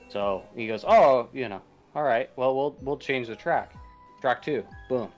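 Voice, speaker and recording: A man tells a long, winding joke on a live stream. He keeps restarting and repeating himself as he builds toward the punchline. His voice sits at an average pitch. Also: a little slow, faint music behind. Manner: rambling storyteller, repeats and restarts phrases. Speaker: co-host on a stream. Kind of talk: casual joke-telling.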